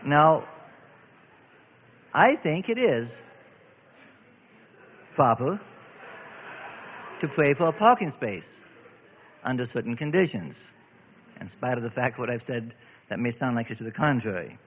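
A man's voice: mid-range voice, measured pace, long pauses, a little hiss or hum. A man preaching a radio sermon in an earnest, storytelling way, often repeating himself. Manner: earnest, animated storytelling with repetitions. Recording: tinny narrow-band radio broadcast with hall reverb.

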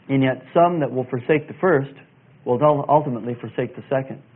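A man teaching verse by verse through a Bible passage, slow and deliberate, pausing with fillers and spelling out Greek words. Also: mid-range voice, slightly rough. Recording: tinny phone-like sound.

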